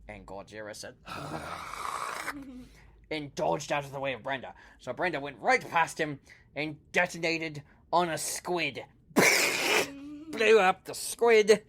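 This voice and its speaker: Man narrating a kids' story, playful, giggly, slow and animated. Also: on the high side, a little hiss or hum. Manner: playful, laughing often.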